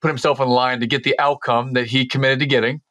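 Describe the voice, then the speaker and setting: A man's voice: mid-range voice, little pitch movement, fast talker, sharp tone, no echo. A man hosting a podcast and working as a leadership coach, reflecting on his guest's story in an affirming way with frequent fillers. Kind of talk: conversational interview.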